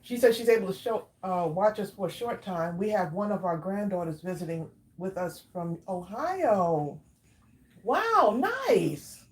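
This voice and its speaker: A woman hosting a casual craft livestream, chatting warmly with viewers by name and drawing out her exclamations while she eats. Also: mid-range voice, big pitch swings, measured pace. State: eating while talking. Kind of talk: casual live chat with viewers.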